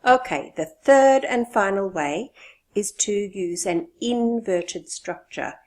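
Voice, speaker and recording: A woman teaching an English lesson, explaining slowly and stressing key words. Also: medium pitch, expressive, darkish tone.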